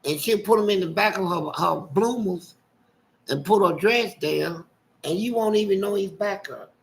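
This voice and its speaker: An older man, telling colorful stories from his past in a casual, animated way. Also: high voice, normal speed, gravelly, rough recording. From Louisville, Kentucky. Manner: animated, colorful, acting out voices. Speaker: storyteller guest. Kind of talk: casual storytelling.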